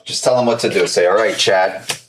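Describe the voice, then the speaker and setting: A man's voice: lowish voice, normal speed, noisy background. A man hosting a live stream from home, chatting casually, playful and teasing, swearing freely. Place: at home with kids and a dog.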